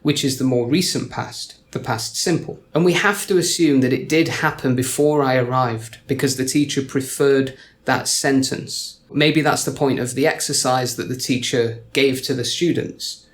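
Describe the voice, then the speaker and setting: A young adult man teaching English grammar in a scripted explainer. He speaks clearly and deliberately at a mid pitch, leaning on key words to show how stress works.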